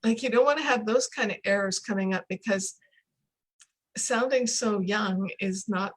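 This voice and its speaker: An older woman, a speech coach, explaining pronunciation in a casual interview over a video call, slowing down to demonstrate sounds. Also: mid-range voice, rough recording. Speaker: accent coach.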